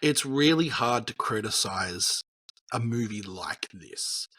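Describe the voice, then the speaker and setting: Another young co-host talks slowly in a lowish, sharp-toned voice with lively intonation. In casual film chat, he rambles and tells stories behind the movie, using plenty of fillers.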